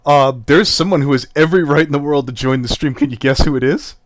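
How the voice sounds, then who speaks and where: A man's voice: a little high, fast talker. A man hosting a casual debate stream who laughs often and teases his guests. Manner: laughs often, teasing and excitable. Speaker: stream host.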